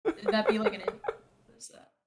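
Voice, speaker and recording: A woman's voice: a little fast, a little mellow. A young woman playing a tabletop game, casual and giggly, with many hesitant ums. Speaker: player.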